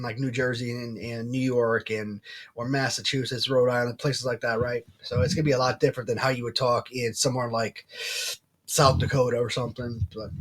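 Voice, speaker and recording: A man hosting his own channel in casual vlog talk, blunt and opinionated, swearing freely. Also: mid-range voice. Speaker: channel host.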